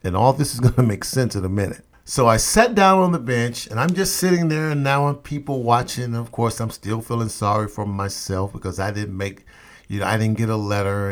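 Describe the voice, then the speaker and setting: A man hosting a motivational podcast, telling a personal story emphatically and repeating refrains. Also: on the low side. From St. Louis area, USA.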